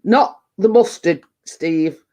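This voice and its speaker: A woman's voice: fairly low pitch, slow, mellow. A middle-aged woman, chatting casually on her vlog in a rambling storytelling way, full of fillers and restarts. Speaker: vlogger. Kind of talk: casual chat.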